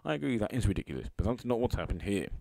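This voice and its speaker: Man, deep voice, sarcastic, scornful, tweet-reading commentary, dry close sound. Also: sing-song, rapid-fire, gravelly, mellow, dry recording. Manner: sarcastic, scornful, with mock sympathy. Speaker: YouTube commentator.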